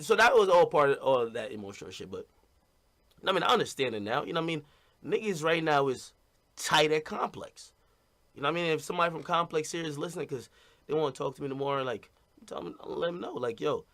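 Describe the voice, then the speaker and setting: A man's voice: a little high, lively intonation, fast, a bit bright. A man talking casually and bluntly to his stream audience, rambling and repeating "you know what I mean".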